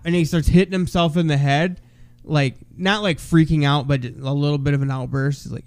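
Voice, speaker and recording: A man's voice: a little high, steady tone, brisk, clear, resonant tone, no echo. A young man co-hosting a podcast, telling stories in a loose, profane, casual chat full of "bro" and "dude". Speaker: podcast co-host.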